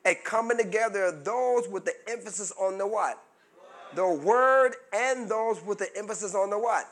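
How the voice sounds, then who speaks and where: A man preaching a sermon as pastor, drawing call-and-response answers from the congregation and building to fervent shouts. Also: high-pitched, moderate pace.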